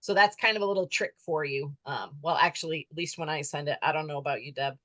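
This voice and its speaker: A woman leading an online class over a video call, friendly and chatty, her voice a little hoarse. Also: sits low, fast, fairly bright tone, no echo, poor audio. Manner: friendly, chatty, says she is losing her voice. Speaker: class leader.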